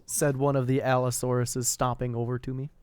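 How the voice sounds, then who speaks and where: A man's voice: mid-range voice, little pitch movement, a little fast, a little mellow, smooth, no echo. A man co-hosting a casual podcast, laughing often and teasing the others. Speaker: podcast co-host. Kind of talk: casual chat.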